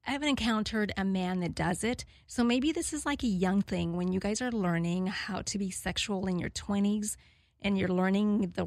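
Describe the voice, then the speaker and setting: A woman's voice: mid-range voice, darkish tone, no echo, clean studio sound. A woman in her forties hosting a radio talk show, chatting candidly and rambling with many fillers and frequent laughter. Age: 40s. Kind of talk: casual chat to listeners.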